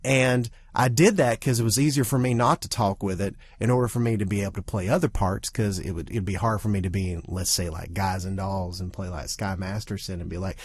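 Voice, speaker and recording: Animated male podcast co-host. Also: lowish voice, brisk, hardly any pauses, husky, dry recording. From Southern United States. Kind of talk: casual podcast chat.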